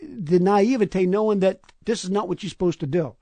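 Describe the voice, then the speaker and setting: A man from Staten Island, telling a story as a podcast guest in an animated way, stammering and restarting. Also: sits high, fairly quick, no room sound. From Staten Island, New York. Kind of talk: storytelling in a casual interview.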